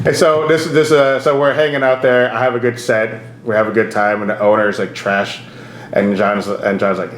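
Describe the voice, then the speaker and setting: A man's voice: fairly low pitch, fairly even intonation, brisk, slight background noise. A man hosting a casual podcast as a comedian, telling stories in a rambling way, laughing often and acting out the people he quotes. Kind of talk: casual storytelling chat. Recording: roomy echo with faint ambience.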